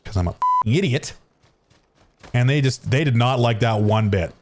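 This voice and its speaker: A man's voice: mid-range voice, animated, normal speed, background noise. A man tells a story casually while he games at home. He is close on a studio microphone, rambles and restarts his sentences, and keeps poking fun at himself. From Canada. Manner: rambling, self-mocking, frequent restarts and fillers. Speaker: streamer. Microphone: studio dynamic microphone.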